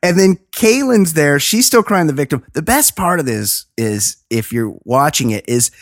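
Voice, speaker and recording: A woman with a low, expressive voice hosts a podcast at a moderate pace, recapping a reality show. Her casual chat is gossipy, sarcastic and profane. The audio is studio quality, free of echo.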